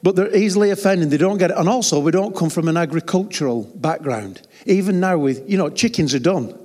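Joking preacher in a reverberant hall. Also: male voice, high-pitched, fairly quick, darkish tone. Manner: humorous, chatty storytelling with laughs. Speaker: pastor. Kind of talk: sermon.

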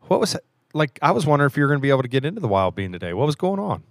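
A man's voice: medium pitch, sing-song, very fast, dry recording, clean studio sound. A man co-hosting a casual podcast in an earnest, laid-back way. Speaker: podcast co-host. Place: small studio room in a theater.

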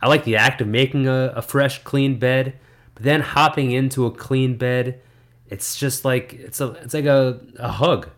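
A man's voice: mid-range voice, steady tone, unhurried, a bit bright. A man co-hosting a podcast, rambling in a laid-back casual chat and restarting his sentences often. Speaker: podcast co-host.

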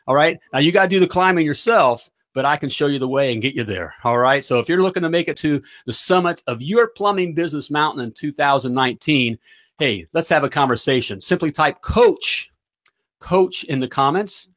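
A man's voice: a little high, expressive, brisk, fairly bright tone. Upbeat middle-aged man coaching live. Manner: emphatic, repeats "all right?" to check in. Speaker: plumbing business coach and livestream host. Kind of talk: energetic livestream pep talk.

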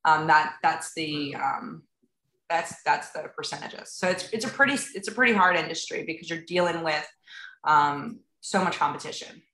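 A woman's voice: sits low, normal speed, fairly bright tone, roomy sound, low-quality recording. A woman realtor chatting casually in an interview, acting out little bits of dialogue and filling her talk with "like" and "um". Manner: chatty, acts out dialogue, many fillers like "like" and "um". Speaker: realtor and TV show guest.

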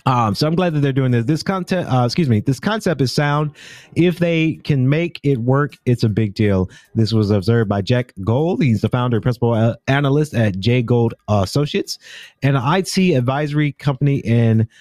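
Here the US podcast host's voice is medium in pitch, expressive, and darkish, moving at a moderate pace in a dry, studio-quality recording. He offers casual commentary on the news, wandering as he goes and correcting himself again and again.

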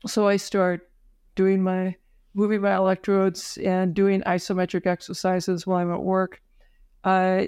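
Woman doctor telling her story on a podcast, lots of ums and restarts, smooth clear voice, dry close sound. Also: on the low side, darkish tone, no echo. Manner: halting, with many fillers and restarts; emotional at moments. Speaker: physician, podcast guest. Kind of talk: personal story told in an interview.

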